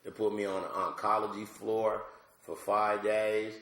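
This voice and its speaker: A man with a very low, gravelly voice tells a comic story in a loose, casual way. He is from Georgia and jumps into acted voices as he goes. The room around him is echoey. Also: measured pace. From Georgia, USA. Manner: animated, acts out voices with big pitch jumps. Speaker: comedian guest.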